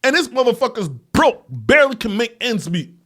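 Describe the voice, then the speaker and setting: A man hosting his own podcast alone, rambling and swearing, laughing often and losing his words, swinging between loud bursts and quiet mutters. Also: extremely high pitch, very animated, normal speed. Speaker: podcast host. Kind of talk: casual solo monologue.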